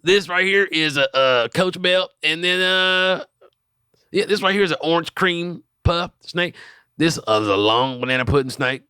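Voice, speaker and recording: A man's voice: a little high, unhurried, bright, forceful tone, clean tone, dry recording, studio quality, pitched above the performer's own voice. A man doing a comic voice-over as a rambling male snake breeder who stumbles over his words with many fillers. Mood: boastful. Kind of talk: comedic voice-over dubbing a video.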